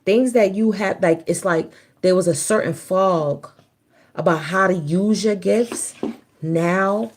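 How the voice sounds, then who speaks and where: A woman's voice: mid-range voice, takes it slowly. Chatty woman streaming a spiritual reading. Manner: loose and chatty, breaks off to scold children. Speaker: spiritual reader on a livestream. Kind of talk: casual livestream talk.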